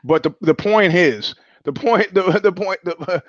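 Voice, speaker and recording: A man hosts his podcast in a blunt, profane, rambling monologue full of restarts. His voice sits a little high for a man. The recording is dry and dull, with a lo-fi sound. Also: unhurried, no room sound. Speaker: podcast host. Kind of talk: casual monologue.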